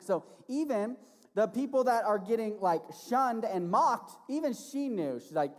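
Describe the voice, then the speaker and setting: A man preaching as a youth pastor to teenagers, casual and animated, often checking in with "right?". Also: high voice, measured pace. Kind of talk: sermon to teenagers. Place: church hall. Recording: long reverb of a large hall.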